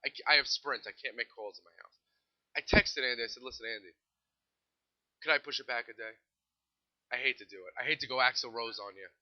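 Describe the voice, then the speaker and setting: This American podcaster, exasperated and swearing, sarcastically vents in a casual solo rant about a band listeners keep mentioning. His mid-range voice moves fairly quickly but with long pauses, and the highs are cut off.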